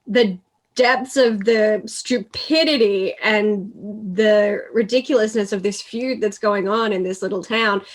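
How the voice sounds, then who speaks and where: A woman's voice: medium pitch, unhurried. A woman hosting a casual movie chat, talking freely with laughs and the odd swear. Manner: chatty, swears, laughs easily. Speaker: podcast host.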